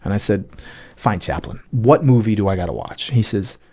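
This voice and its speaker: A man's voice: lowish voice, expressive, normal speed, a little mellow. A man, a podcast guest, telling a personal testimony in an emotional storytelling way, full of fillers and acted-out bits of dialogue. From United States.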